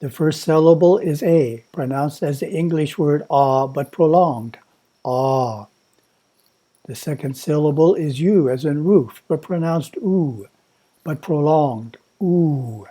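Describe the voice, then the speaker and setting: A man at a monastery reading a prepared spiritual talk in a measured, instructive way. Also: a little high, warm tone. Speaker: monastery teacher.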